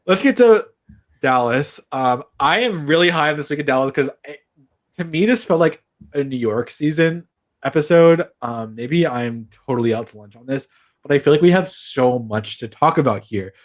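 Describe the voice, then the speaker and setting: Animated and somewhat high-pitched, a male podcast co-host talks at a moderate pace. He's chatting casually and with plenty of enthusiasm, voicing firm views on reality TV.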